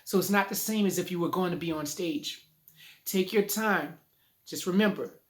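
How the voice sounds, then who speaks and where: Recorded selfie-style on a phone in his living room, a man teaches public speaking in a high, fairly bright voice at normal speed. His lesson is casual, playful, and conversational, sprinkled with rhymes and rhyming catchphrases.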